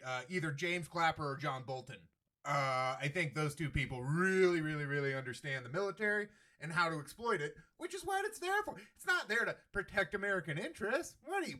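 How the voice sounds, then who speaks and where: This is a man hosting his own daily show, delivering a sarcastic political rant full of swearing. His voice is bright and a little high, and it jumps up and down in pitch as he mocks and exaggerates. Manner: sardonic, profane, mock voices. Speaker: podcast host. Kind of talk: sarcastic political commentary monologue.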